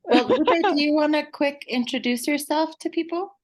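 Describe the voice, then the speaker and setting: A woman's voice: sits high, moderate pace. A woman co-hosting an info session who makes brief, friendly prompts to the guest. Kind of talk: casual talk.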